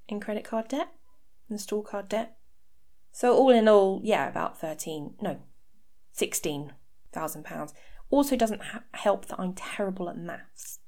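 A woman's voice: medium pitch, darkish tone. A woman in her thirties hosting a podcast, talking frankly about her own life with dry, sarcastic asides. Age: 30s. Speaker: podcast host. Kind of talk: candid personal podcast talk. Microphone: home podcast mic.

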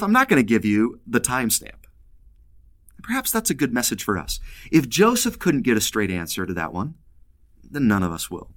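A man's voice: medium pitch, fairly bright tone. A man giving a casual scripture lesson, playful and humorous, acting out bits of dialogue. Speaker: scripture teacher.

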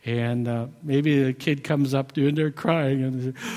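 A middle-aged man delivers a sermon in a plain, folksy way, often restarting his sentences. His voice has a medium pitch. It carries a long reverb, as if he is in a large hall. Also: normal speed, darkish tone. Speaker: preacher.

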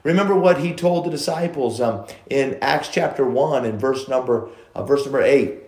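A male pastor preaching a sermon, moving between loud emphasis and hushed asides, quoting scripture. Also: mid-range voice, moderate pace, reverberant. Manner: preaching storyteller, quotes old scripture language.

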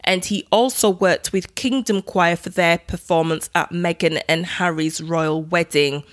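A woman's voice: fairly low pitch, unhurried. A middle-aged woman hosting a podcast, chatting casually about her life and laughing at herself. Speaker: podcast host. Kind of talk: casual personal podcast monologue.

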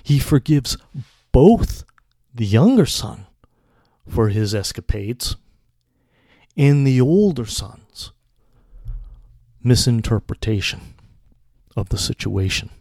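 A man preaching a sermon in a measured, deliberate way. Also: medium pitch, sing-song, vocal fry, mellow, no room sound, clean studio sound.

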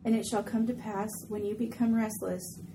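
Woman reading a verse quietly, off mic. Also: medium pitch, little pitch movement, moderate pace, background noise. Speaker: Bible study participant. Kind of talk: reading scripture aloud.

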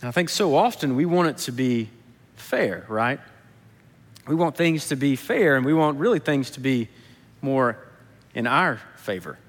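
A man's voice: mid-range voice, expressive, a little slow, long pauses. A man preaching a casual, conversational sermon, retelling parables in plain everyday speech. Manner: casual storytelling, acts out quotes. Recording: echoey hall.

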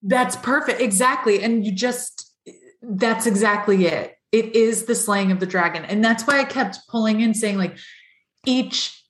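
A woman's voice: on the high side, unhurried. A woman hosting a podcast, chatting with enthusiasm and reflection, often acting out little quoted thoughts. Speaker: podcast host. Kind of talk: casual podcast chat. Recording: roomy, echoey room sound.

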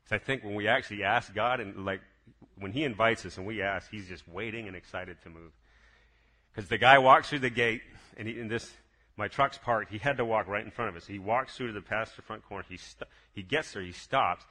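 A man telling his personal faith testimony in a casual, lively way, full of excited restarts. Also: on the low side, fairly quick. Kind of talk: casual spoken testimony storytelling.

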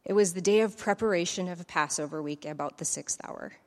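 A woman reading the creed and scripture aloud in church at a measured, deliberate pace. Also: fairly low pitch, a little mellow, long reverb tail. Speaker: lay scripture reader.

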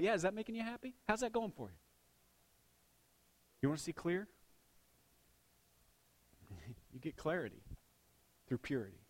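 A pastor with a somewhat higher male voice delivers a sermon in a loose, conversational way. He jokes with the congregation, then lands key words in a soft, hushed tone before pushing his volume back up. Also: big pitch swings, normal speed, pauses often. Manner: swings between punchy loud lines and hushed intimate ones.

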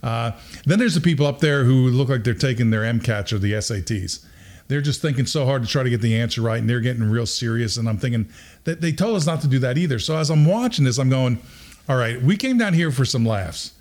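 A middle-aged man hosting a podcast, telling a story in a casual, animated way and acting out quotes with bursts of laughter. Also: mid-range voice, fast. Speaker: podcast host.

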